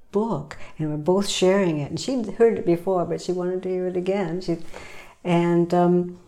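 A woman volunteer recounts a memory in a halting, soft way with many pauses. Her voice is notably low and mellow, with a warm, dark tone. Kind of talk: reflective personal storytelling.

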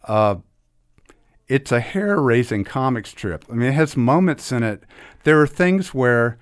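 A man's voice: medium pitch, lively intonation, measured pace, clear, resonant tone. A middle-aged man talking enthusiastically about restoring old comics, with many restarts. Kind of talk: casual interview talk.

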